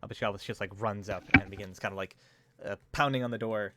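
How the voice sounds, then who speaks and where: A man's voice: on the low side, flat delivery, fast, a bit bright. A man narrating as game master, loose and full of fillers.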